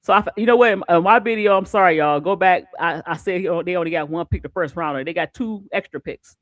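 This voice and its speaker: A man hosting a casual sports talk stream, animated and repeating words as he gets going. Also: high voice, quick pace, no room sound. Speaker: show host.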